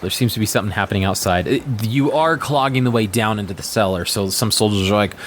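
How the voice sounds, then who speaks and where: Lower-voiced man running a tabletop game. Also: quick pace, slight background noise. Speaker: game master.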